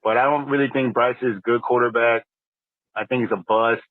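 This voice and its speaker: A man's voice: medium pitch, fairly even intonation, brisk, no echo. A male caller states his views plainly over a tinny phone line. The sound is dry and narrow. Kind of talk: call-in opinion.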